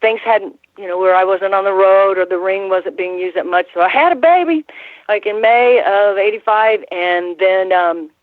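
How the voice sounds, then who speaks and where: A former wrestling ring announcer, now in her sixties, recounts stories as an interview guest over the phone. Her medium-pitched voice moves at a moderate pace on a tinny, dry line, and she rambles with frequent restarts and laughter.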